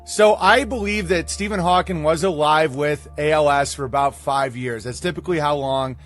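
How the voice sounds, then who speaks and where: A male host does reaction commentary in a blunt, sarcastic, dismissive tone. His voice sits slightly high for a man, and his delivery stays casual and off the cuff. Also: moderate pace, a bit bright.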